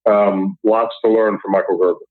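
Low-voiced man on a tinny line. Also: flat delivery. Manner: affirming, halting with repeated words. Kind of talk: casual interview chat.

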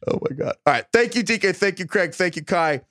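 A man with a slightly raised pitch hosts a relaxed podcast chat. He jokes around and laughs easily. His voice is close and dry, with no room sound. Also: no echo. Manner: laughs often, quick and playful. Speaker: podcast host. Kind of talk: casual chat.

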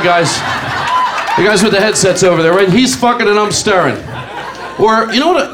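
Animated high-voiced stand-up comedian man. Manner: animated, acts out characters, crude. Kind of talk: live stand-up set. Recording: live club recording with audience noise. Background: audience laughter.

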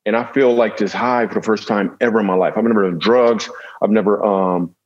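Husky man telling a funny story. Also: on the low side, steady tone, brisk, lo-fi sound. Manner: jokey, with self-deprecating asides. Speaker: comedian guest. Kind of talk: humorous storytelling in a conversation.

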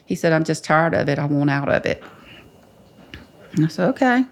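A woman's voice: low-pitched, normal speed, gravelly. An older woman telling her story bluntly in an interview, swearing freely and acting out what others said. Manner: blunt, profane, quotes others in lively voices. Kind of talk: candid storytelling.

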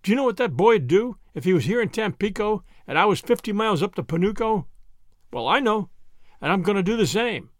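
A man's voice: high voice, animated, a little fast, no echo, clean studio sound. A man reading an audiobook, voicing a defiant, blustering gray-haired American man of fifty. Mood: indignant. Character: gruff angry older American man.

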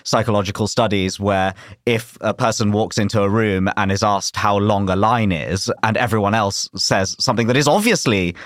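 A man's voice: on the low side, normal speed, a bit bright, no room sound, studio quality. A man hosting a podcast, chatting casually with lots of hedges and fillers. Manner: hedging, loose with filler words. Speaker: podcast host.

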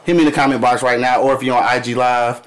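A man's voice: medium pitch, level tone, quick pace, slight background noise. A man hosting a casual live radio show, loose and profane, laughing often.

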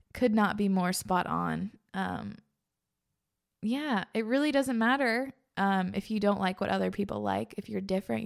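A woman podcast host talks in a loose, heartfelt way, her sentences trailing into "like" and "um." Her mid-pitched voice carries a steady gravelly fry at the ends of phrases. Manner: gushing, earnest, full of "like" and "um". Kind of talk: casual spiritual podcast chat.

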